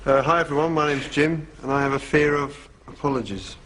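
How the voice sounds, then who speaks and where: A man's voice: fairly high pitch, steady tone, fairly quick, very noisy, close to an everyday voice. An actor playing a man with a fear of apologies in a comedy sketch, speaking in a mild, plain way.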